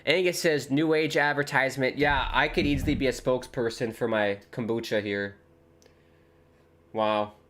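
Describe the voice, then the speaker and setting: A man chatting casually on a live football watchalong stream, rambling between excited reactions to the match. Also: mid-range voice, moderate pace.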